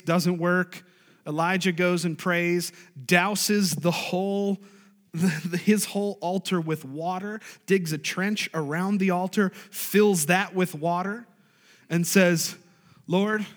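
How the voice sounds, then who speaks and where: A pastor preaching to his congregation in a high, lively voice, his words ringing through a reverberant church sanctuary. He shifts between quiet, slowed passages and sudden loud, high-pitched bursts of excitement. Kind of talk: sermon.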